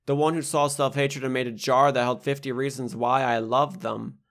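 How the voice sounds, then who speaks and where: At normal speed, a young poet reads from his own book in a voice of ordinary middle pitch. The spoken-word delivery holds a steady hip-hop rhythm, slamming the rhymes and swearing without any hint of apology.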